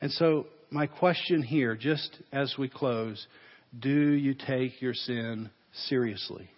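A man's voice: medium pitch, slow pace. A male pastor preaching a sermon, earnest and direct, putting searching questions to his congregation. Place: church. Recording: dull, echoey church sermon recording.

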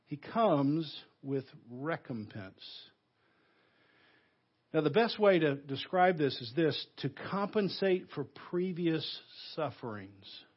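Pastor, man, Southern US accent, husky and a bit high, emphatic sermon delivery, dull lo-fi church recording. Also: animated. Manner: emphatic preaching, swinging between loud stresses and hushed, slow phrases. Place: church sanctuary.

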